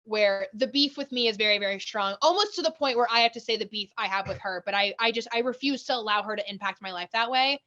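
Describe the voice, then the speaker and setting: A woman guest on a casual podcast, chatting quickly and eagerly. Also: mid-range voice, sharp tone. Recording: dull lo-fi audio.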